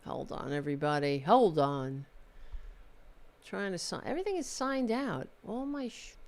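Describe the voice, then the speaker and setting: A woman's voice: lowish voice, expressive, moderate pace, darkish tone. A woman vlogger ranting sarcastically and profanely about politics from her desktop streaming setup.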